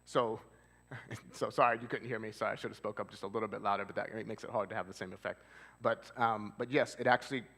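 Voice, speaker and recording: A man's voice: lowish voice, steady tone, fast, gravelly, a bit bright. A male therapist giving a casual church seminar, talking conversationally and asking the audience questions. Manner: conversational, asks the audience questions, loose with fillers. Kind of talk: casual live presentation to an audience. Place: church hall with long reverb. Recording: reverberant church hall.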